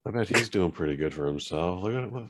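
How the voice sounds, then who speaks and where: A man co-hosting a casual comedy podcast, dropping dry, deadpan quips. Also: sits low, fast talker. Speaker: podcast co-host.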